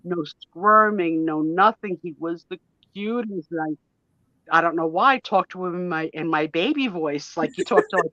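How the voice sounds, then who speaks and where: A woman's voice: fairly low pitch, moderate pace, bright, forceful tone, no room sound. A woman in her fifties, a guest on a live chat show, telling a story in a gushing, emotional, chatty way with mild swearing. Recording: dull lo-fi, dry sound.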